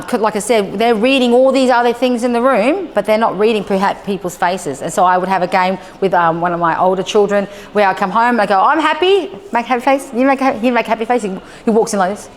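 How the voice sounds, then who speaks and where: A woman presenter at a mid pitch talks to families gathered in a large hall. She tells her stories with lively, acted-out dialogue and keeps checking in with the room. The voice carries a long reverberant tail over a faint background hiss. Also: a little fast. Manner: lively storyteller who acts out dialogue and checks in with listeners. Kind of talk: live talk to homeschool families.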